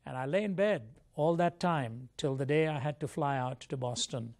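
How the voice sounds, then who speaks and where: An older man from India, a Christian apologist, earnestly and reflectively tells his life story as an interview guest. His voice is mid-range and darkish in tone, at normal speed.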